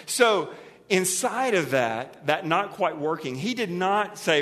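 A man preaching a sermon to his congregation, moving between quiet, low passages and loud, emphatic ones, asking them questions and having them repeat words back to him. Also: slow pace. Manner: animated preaching that swings from hushed to emphatic. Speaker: pastor. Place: church sanctuary. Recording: long hall reverb.

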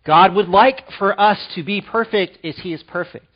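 A man's voice: high-pitched, normal speed, lo-fi sound. A man preaching a sermon, reading scripture aloud, then explaining it with rising emphasis. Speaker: pastor.

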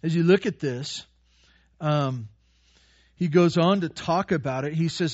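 A man preaching a sermon as a pastor, telling stories and growing animated when he quotes. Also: on the high side, a little slow, long pauses, no room sound. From United States. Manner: storytelling, animated when quoting. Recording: dull lo-fi dry sound.

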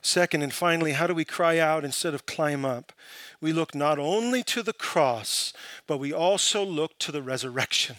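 A man preaching a sermon, building from quiet, searching questions to impassioned, emphatic peaks. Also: on the high side, moderate pace, dry recording. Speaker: pastor.

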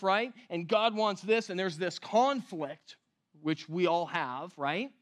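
High-voiced man preaching conversationally. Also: expressive, unhurried, fairly bright tone. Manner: conversational, asks the room questions. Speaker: pastor. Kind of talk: sermon.

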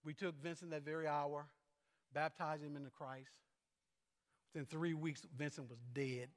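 A male preacher tells stories from his ministry in a high, earnest voice that stumbles and repeats words now and then. His sermon echoes with a long reverb, as in a large church sanctuary. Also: little pitch movement, moderate pace.

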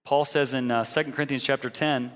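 A man's voice: mid-range voice, fairly even intonation, fairly quick, in a large hall. A man preaching a sermon in an earnest, direct way, now and then mocking the views he argues against.

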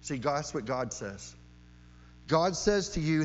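A man's voice: fairly high pitch, expressive, slow. Emphatic preacher man in a reverberant hall. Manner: emphatic, repeats key phrases, frequent rhetorical "right?". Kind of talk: sermon. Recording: long hall reverb, dull sound, mains hum.

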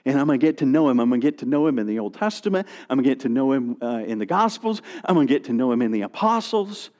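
A man's voice: medium pitch, lively intonation, fast talker, darkish tone, dull audio. A middle-aged male pastor preaching a sermon, reading scripture and animating his stories with quoted voices.

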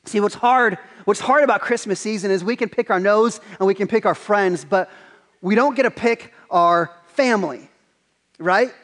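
A man, a pastor giving a sermon in a church, telling stories in an animated way and often repeating his words. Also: high-pitched, normal speed, long reverb tail.

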